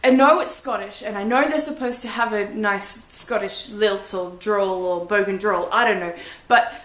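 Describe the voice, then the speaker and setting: A woman's voice: mid-range voice, normal speed, a bit bright, echoey room. A young woman giving a blunt, chatty, self-deprecating book review in a casual vlog. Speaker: book vlogger.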